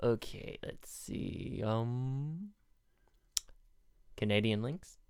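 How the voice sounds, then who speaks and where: A woman co-hosting a podcast, casually playing a word game, often pausing and thinking aloud. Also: extremely low pitch, lively intonation, creaky, a little mellow, clean tone, dry recording, clean studio sound. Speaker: podcast co-host.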